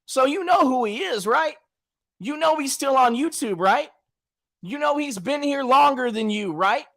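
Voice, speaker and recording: A man's voice: very high-pitched, animated, measured pace, fairly bright tone. Trash-talking man ranting on a livestream. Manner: trash-talking, colloquial, talks straight to chat. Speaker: channel host. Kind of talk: casual livestream rant.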